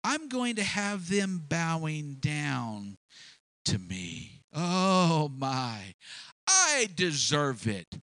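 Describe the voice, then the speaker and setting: A man voicing a proud, boastful ancient king who brags in drawn-out, self-important words. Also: fairly high pitch, wildly swooping pitch, a bit bright, no room sound, full character voice.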